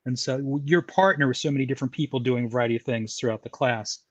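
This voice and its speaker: A man's voice: medium pitch, fast talker, no room sound. Chatty man with a dry, close sound. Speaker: podcast host. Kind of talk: casual podcast chat.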